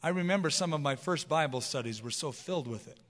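A man preaching an expository sermon as pastor, earnest and emphatic, slowing down to read scripture. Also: a little high, lively intonation, a bit bright, big-room sound.

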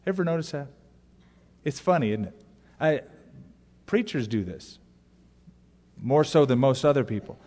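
A man's voice: mid-range voice, measured pace, long pauses, big-room sound. A male pastor preaching a sermon, telling stories and acting out exaggerated prayer voices to make his point. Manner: animated storytelling, mimics prayer voices.

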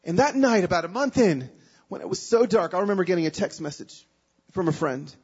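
A man giving a sermon as a guest speaker, telling a personal story with emotion, moving between hushed and loud, pleading passages. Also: high voice, brisk, slightly rough, highs cut off.

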